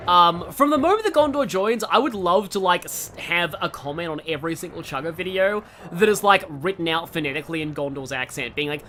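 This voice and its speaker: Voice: medium pitch, pushed and bright, slight background noise. A let's player giving casual, rambling gameplay commentary full of digressions.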